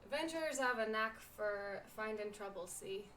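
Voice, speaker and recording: A woman's voice: mid-range voice, lively intonation, moderate pace, a bit bright, recorded from a distance, slight background noise, lightly acted. A woman voicing a hearty male tavern keeper in a game, with a wobbly put-on pirate-ish accent. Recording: off-mic with game music.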